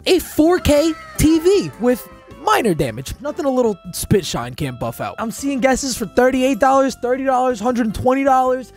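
A man's voice: very high-pitched, sing-song, moderate pace, soft background music. A man hosting a price-guessing game on a live stream, brash and profane, joking with chat. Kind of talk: casual live-stream banter.

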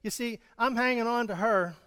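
A man's voice: very high-pitched, normal speed, fairly bright tone, smooth, big-room sound. A male pastor preaching a sermon in a conversational manner, chuckling often. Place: church hall.

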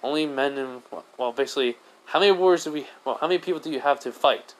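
A man's voice: a little high, fast talker, close to an everyday voice, rough recording. A man voicing a young male ninja reborn as a slime, speaking mildly and casually with hesitant fillers.

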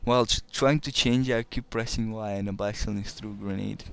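A man with a low, gravelly voice chats through his gameplay in a loose, rambling way, stumbling and restarting words as he goes. A faint hiss of noise sits under the home recording. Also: fairly even intonation, brisk. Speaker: let's play commentator. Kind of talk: casual gameplay commentary.

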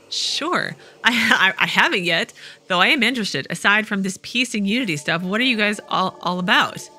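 A woman's voice: medium pitch, expressive, moderate pace, pushed and bright, soft background music. A woman hosting a let's play, wryly reading the game's dialogue aloud and commenting as she plays. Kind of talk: casual gameplay commentary.

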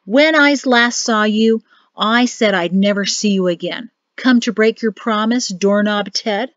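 A woman's voice: medium pitch, a little slow, fairly bright tone, dry recording, close to an everyday voice. A woman voicing a cocky young male lieutenant in an audiobook, taunting and dismissive. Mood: mocking. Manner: mocking, scoffing, dismissive taunts. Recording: dull lo-fi dry audio.

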